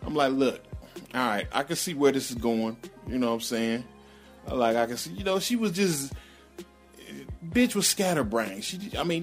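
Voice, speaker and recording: A middle-aged man telling a personal story in a blunt, slangy, rambling way, full of profanity. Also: fairly high pitch.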